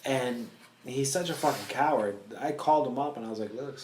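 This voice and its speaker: A man's voice: medium pitch, brisk, a little mellow, slight background noise. Blunt man swearing in an echoey room. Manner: blunt and profane. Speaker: podcast co-host. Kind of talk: casual chat.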